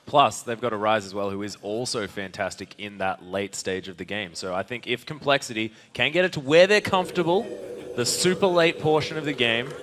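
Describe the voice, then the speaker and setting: A man doing lively play-by-play commentary on an esports match. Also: mid-range voice. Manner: lively, excitable play-by-play with quick reactions. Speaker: esports caster.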